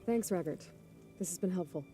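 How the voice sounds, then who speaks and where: A woman's voice: fairly low pitch, fairly quick, warm tone, faint music behind, natural voice. An actress voicing a determined young female hunter in a video game, who asks direct questions. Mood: steady.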